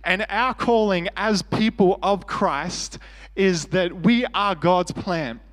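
A man's voice: high-pitched, slow pace, a bit bright, long reverb tail. An Australian man preaching a sermon as pastor, earnest and conversational with self-deprecating humor.

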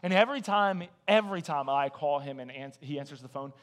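A high-pitched man delivering a casual, story-driven sermon. He talks conversationally, acts out the voices in his own anecdotes, and keeps coming back to "man" and "listen". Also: a little fast. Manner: animated storytelling with acted quotes. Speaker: guest preacher.

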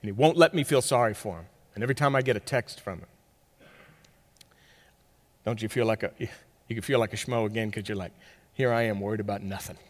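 Male pastor, sermon, animated storytelling, loud then hushed, long hall echo. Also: lowish voice, brisk, long pauses.

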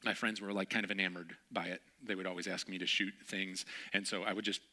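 A man delivering a sermon in a relaxed, conversational way, with a bright, forward voice. He moves from teaching into personal stories, acting out the people in them and laughing along. His tone stays at an everyday speaking level. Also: low voice, fast. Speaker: pastor.

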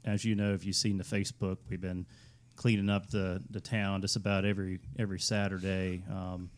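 Guest, male, lowish voice, loose and rambling. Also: flat delivery, a little fast. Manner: rambling, lots of fillers. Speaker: guest, community volunteer. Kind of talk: casual chat.

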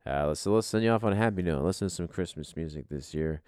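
Brief: very low, gravelly male podcast host, casual and profane, dry close sound. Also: fast, a little mellow, dry recording. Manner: laid-back, profane, rambling with fillers. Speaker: podcast host, league commissioner.

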